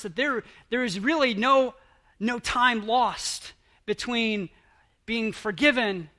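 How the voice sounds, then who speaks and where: A pastor preaching a sermon in an earnest, halting way, often restarting his phrases. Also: sits high, pushed and bright.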